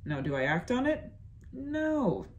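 A woman's voice: on the high side, very animated, unhurried, a little hiss or hum. A young adult woman, a stand-up comedian, talking to camera in a sassy, playful monologue and stretching words out for emphasis.

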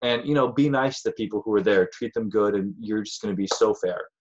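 A man's voice: on the low side, brisk, highs cut off. A man teaching a casual history lesson in a chatty, rambling way, sometimes acting out voices of historical figures.

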